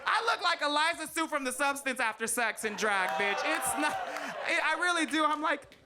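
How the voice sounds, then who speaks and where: A man in drag delivers a brash, foul-mouthed stand-up set in a high, bright voice. He is sassy and quick to laugh at his own jokes, and the live stage recording carries a steady layer of noise. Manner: brash, sassy, swearing, loud laughing asides. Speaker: drag queen stand-up comedian. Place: live comedy stage before an audience.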